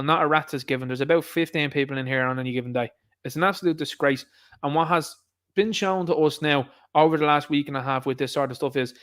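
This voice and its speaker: An Irish man ranting through a casual commentary, his voice sitting a touch higher than most men's. He talks in a sarcastic, mocking and exasperated way. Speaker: political commentator.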